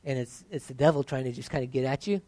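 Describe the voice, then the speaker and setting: A man's voice: mid-range voice, quick pace, darkish tone, no room sound. Man preaching a sermon, dry sound. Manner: conversational preaching, builds to emphatic. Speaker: pastor.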